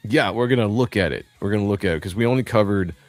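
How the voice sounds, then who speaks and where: A man's voice: lowish voice, fast talker, darkish tone, no echo, faint music behind. A man hosting a casual comics livestream, reading chat aloud and teasing his co-hosts in a laid-back way. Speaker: livestream host.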